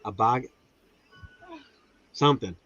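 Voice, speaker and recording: A man, telling lively food stories in casual chat and acting out voices. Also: mid-range voice, slow pace, lo-fi sound, a little hiss or hum. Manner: animated storytelling, acts out voices. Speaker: guest.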